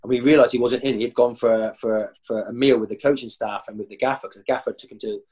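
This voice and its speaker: A husky man recounts his stories in an animated, rambling way. His mid-pitched voice leaps upward whenever he acts out teammates and coaches, and he is a former footballer chatting as a guest. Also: fast. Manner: animated, jumps high when acting out others. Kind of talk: anecdotal storytelling.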